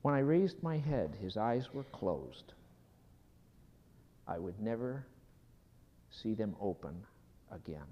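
Guy preaching a sermon, slow and storyteller-ish, goes down to whispers, muffled sound in a big echoey hall. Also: on the low side, big pitch swings. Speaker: pastor. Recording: dull sound in a hall with long reverb.

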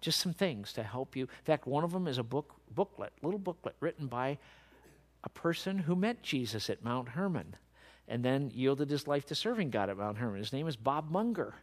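A male preacher delivering a sermon to a seated congregation. His pitch rises and falls with lively swings. He sinks to soft, low passages and then builds to loud, emphatic peaks. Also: normal speed.

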